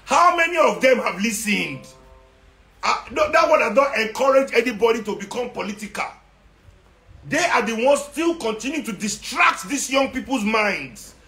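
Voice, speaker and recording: Nigerian man, high voice, ranting monologue, sarcastic, roomy echo. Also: lively intonation, normal speed, sharp tone. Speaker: social media commentator. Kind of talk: impassioned monologue. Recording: echoey room.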